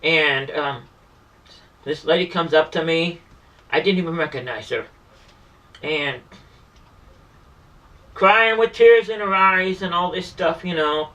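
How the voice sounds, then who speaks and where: A man's voice: on the high side, takes it slowly, long pauses, sharp tone. A man telling an emotional personal story in an earnest, repetitive way, often stumbling and restarting his sentences. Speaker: street performer and vlogger. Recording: voice distant from the mic.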